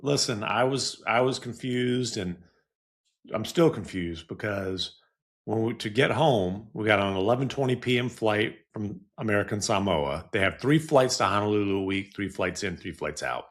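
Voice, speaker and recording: A man with a fairly low voice co-hosts a podcast, chatting casually. He is easygoing and pokes fun at himself, and the talk is relaxed. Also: normal speed. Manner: easygoing, self-deprecating. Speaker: podcast co-host. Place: home studio.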